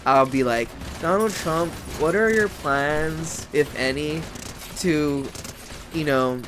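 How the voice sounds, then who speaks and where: A man's voice: on the high side, takes it slowly, a bit bright, a little hiss or hum. Rambling, cussing American guy. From United States. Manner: rambling and profane, heavy use of "like". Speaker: vlogger. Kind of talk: casual rant.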